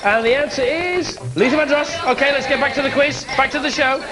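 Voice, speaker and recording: A man's voice: very high voice, a little fast, over music, poor audio. Jokey man hosting a breakfast show. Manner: jokey, chatty, laughs often. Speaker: host. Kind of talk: breakfast TV banter and phone-in quiz.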